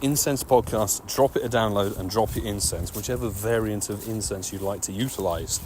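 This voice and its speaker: A man giving excitable, nonstop live-stream commentary while walking outdoors and playing a mobile game. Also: fairly low pitch, moderate pace. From United Kingdom. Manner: chatty, excitable running commentary, talking nonstop like a radio DJ. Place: outdoors on city streets. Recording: loud street noise with passing traffic.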